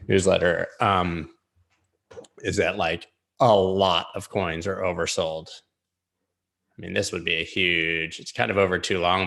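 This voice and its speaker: A man's voice: deep voice, vocal fry, fairly bright tone. A man hosting a live-streamed chart analysis, rambling casually with jokey asides. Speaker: crypto chart analyst host.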